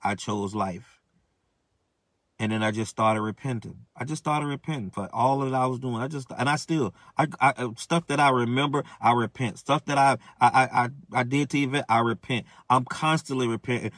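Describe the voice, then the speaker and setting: A man giving an emotional spoken testimony, halting and repetitive, with frequent restarts and stammers. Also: mid-range voice, fairly bright tone, no room sound, studio quality.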